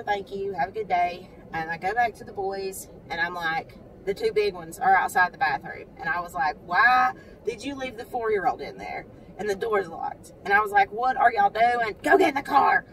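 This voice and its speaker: A woman's voice: moderate pace, far from the mic, slight background noise, poor audio. A mother, telling a story to the camera from her parked car, acting out what other people said. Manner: animated, talks to the camera, acts out others' lines in a high voice. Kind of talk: casual storytelling vlog. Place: parked car outside a credit union.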